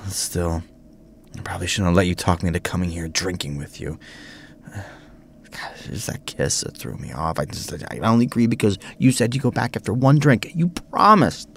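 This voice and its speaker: An actor playing a nervous, tipsy young priest who rambles in a flustered way. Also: male voice, deep voice, animated, normal speed, creaky, slight background noise. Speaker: Father Montgomery, a priest.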